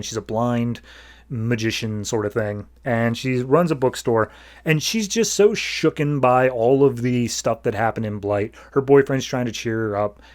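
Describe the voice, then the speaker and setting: A man's voice: medium pitch, a little mellow. Chatty man recapping comics casually. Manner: loose and chatty, filler-heavy, paraphrases characters in quick asides. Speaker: podcast co-host recapping comics.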